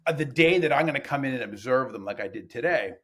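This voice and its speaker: Lively husky-voiced man telling stories. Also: medium pitch, fast talker. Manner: animated, acts out dialogue in changing voices. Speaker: teacher educator, podcast guest. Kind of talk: conversational storytelling.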